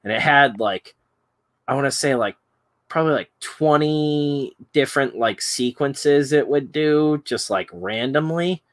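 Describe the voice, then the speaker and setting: A man's voice: medium pitch, measured pace. A man hosting a stream, telling a crude story in casual chat and laughing often. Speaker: stream host.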